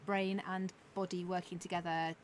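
A woman, chatting casually as a podcast co-host and acting out her own thoughts in quick asides. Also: lowish voice, level tone, slight background noise. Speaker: podcast co-host, forest school leader. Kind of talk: casual chat.

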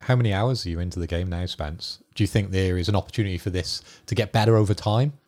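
A man with a lowish voice in a casual gaming podcast chat. He asks curious questions and follows up on them in an easy, conversational way. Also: fast, a little mellow. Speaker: podcast co-host and editor.

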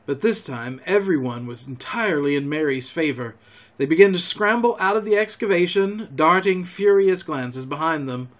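A man hosting a storytelling show, reading a classic novel aloud in a calm, homely way. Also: a little high, moderate pace. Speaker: storyteller host.

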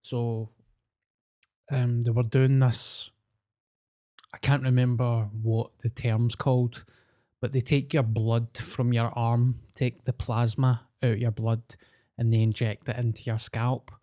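A man's voice: mid-range voice, level tone, takes it slowly, dark tone. A Scottish man co-hosting a podcast, telling self-mocking stories in casual banter. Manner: jokey storyteller, self-mocking. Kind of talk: casual chat.

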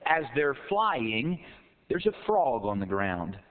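A man preaching a sermon, telling a fable in a folksy, animated way that rises to emphatic peaks. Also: mid-range voice, slow. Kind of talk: sermon with storytelling. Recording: tinny phone-like sound.

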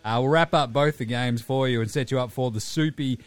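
Jokey Australian sports podcast host. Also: male voice, medium pitch, no room sound, soft background music. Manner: jokey, fast and chatty with fillers. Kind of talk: casual sports podcast chat.

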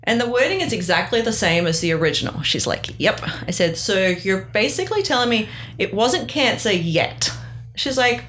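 A woman's voice: mid-range voice, normal speed, slight background noise. A middle-aged woman in casual conversation, telling a personal story and animatedly acting out the lines of other people. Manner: animated, acts out quoted dialogue. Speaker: guest sharing her story.

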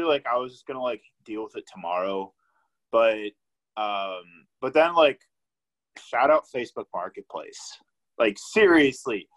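A man's voice: medium pitch, low-quality recording. A young man hosting a podcast, chatting in a laid-back way, swearing often and leaning on fillers. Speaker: podcast host. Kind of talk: casual chat.

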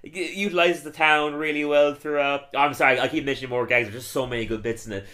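A man's voice: medium pitch, steady tone, fast, sharp tone. A young man co-hosting a casual podcast, enthusiastically recapping an episode, rambling and laughing often. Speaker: podcast co-host. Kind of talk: casual chat reviewing a cartoon episode.

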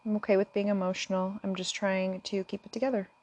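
A woman's voice: mid-range voice, level tone, fast, a little mellow. A woman talking straight to her viewers in an earnest, impassioned way, at times close to tears. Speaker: vlogger. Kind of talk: emotional direct-to-camera talk.

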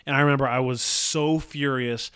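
A man co-hosting a sports podcast, chatting casually and telling stories excitably. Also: mid-range voice, moderate pace, smooth, no room sound, studio quality. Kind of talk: casual chat.

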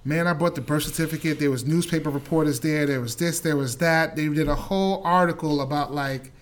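A man's voice: on the high side, a little fast. A man from Jamaica telling a story in casual chat, acting out the people he quotes. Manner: animated, acts out quotes in different voices. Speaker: guest.

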